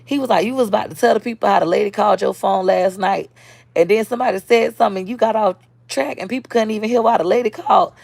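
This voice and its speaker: A woman's voice: medium pitch, fast, creaky, darkish tone, dry recording. A woman, talking casually and bluntly on a live stream as a social media creator, answering viewer comments.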